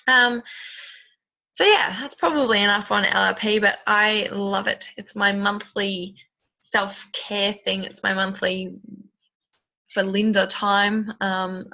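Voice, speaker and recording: A woman's voice: mid-range voice, steady tone, slow pace, creaky, sharp tone. A woman, chatting enthusiastically and rambling with many ums in a casual tutorial. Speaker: essential oils seller. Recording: dull lo-fi sound.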